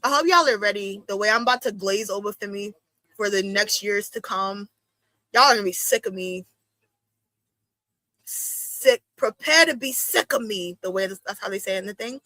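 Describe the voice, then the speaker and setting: Chatty young woman with a bright, sharp voice. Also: fast talker, dry recording. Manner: chatty and slangy, reacting with big swoops into high exclamations. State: itchy watery eyes from allergies. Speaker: streamer hosting a wrestling watch-along. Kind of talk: casual live-stream commentary.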